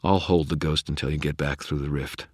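A man reading the lines of a calm, loyal adult male friend in a fantasy audiobook. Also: rumbling low, a little fast, dry recording, clean studio sound. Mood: urgent.

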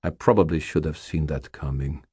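A man voicing a calm, sinister male guardian and dark wizard who speaks in a steady, quiet, unhurried way. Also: rumbling low, slightly rough, no room sound, clean studio sound, exaggerated voice. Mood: cold calm.

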